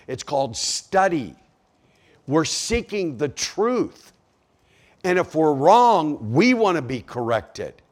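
A man preaching a sermon to a congregation, asking rhetorical questions as he goes. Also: on the high side. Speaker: pastor.

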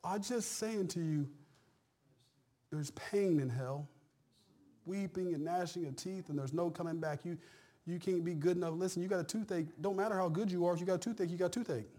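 A middle-aged man preaching a sermon as pastor, in a folksy, conversational way, repeating phrases and swinging between hushed and loud. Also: sits high, fairly quick.

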